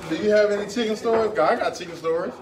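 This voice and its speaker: A man's voice: high voice, rapid-fire. A man hosting a podcast live at a bar, telling profane stories with lots of laughter. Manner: loud laughing, storytelling, profane. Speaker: podcast host. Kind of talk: raunchy casual chat. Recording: far from mic, crowd noise.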